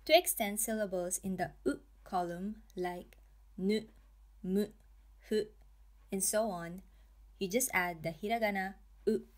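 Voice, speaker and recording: A woman teaching a language lesson, pronouncing each example slowly and carefully in a scripted narration. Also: medium pitch, fairly even intonation. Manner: slow, careful, drawn-out pronunciation.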